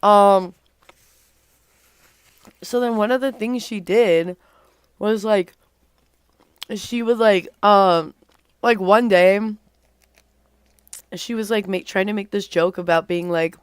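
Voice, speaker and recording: A young woman livestreams a game while rambling through a storytime, full of fillers and casual swearing. Her medium-pitched voice is slow with long pauses, and the tone is clean on a dry recording.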